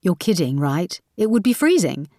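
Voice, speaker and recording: A woman voicing a married man who is dry and gently mocking, with a lively, rather low voice. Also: no echo. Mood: teasing. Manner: wry, measured, gently mocking.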